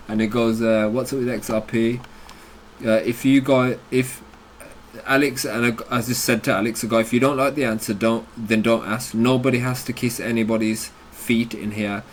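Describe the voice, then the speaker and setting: A man's voice: medium pitch, steady tone, moderate pace, slight background noise. A British man hosting a crypto channel, ranting bluntly and combatively about a chat argument, with plenty of swearing. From United Kingdom.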